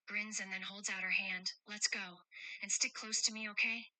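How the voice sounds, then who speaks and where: Woman playing a gentle, teasing guardian of two kids, bright dry voice, reads her own actions aloud. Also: medium pitch, flat delivery, normal speed, no room sound, poor audio. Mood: tender, playful. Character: caring adult woman protecting two children. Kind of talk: role-play chat read aloud with stage directions.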